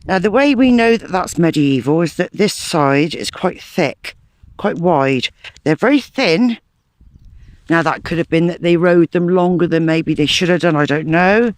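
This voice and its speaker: A keen, talkative man narrates his finds in a hillside farm field, muttering to himself between digs. His voice sits a little high, and it sounds dry and close. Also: lively intonation, measured pace, dry recording. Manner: chatty, enthusiastic, talks to himself while digging. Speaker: metal detecting channel host. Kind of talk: casual outdoor vlog chat. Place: sloping farm field outdoors.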